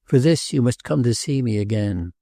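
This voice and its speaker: A male audiobook narrator voicing a restless, earnest princess who speaks gravely and pleads. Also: mid-range voice, expressive, moderate pace, mellow, dry recording, clean studio sound. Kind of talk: audiobook character reading.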